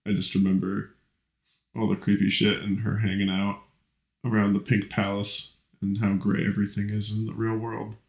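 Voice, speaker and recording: A man's voice: lowish voice, gravelly, echoey room. A young man co-hosting a podcast, easygoing and swearing casually as he chats. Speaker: podcast co-host. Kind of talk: casual chat.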